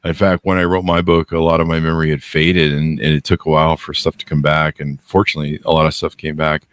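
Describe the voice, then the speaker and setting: A deep-voiced middle-aged man hosts a podcast interview in easy, casual conversation. He leans on his points with sudden upward leaps in pitch. The sound is close and dry, with no room around it. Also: flat delivery, fast, no room sound. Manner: emphatic, jumps up in pitch to stress points. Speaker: podcast host.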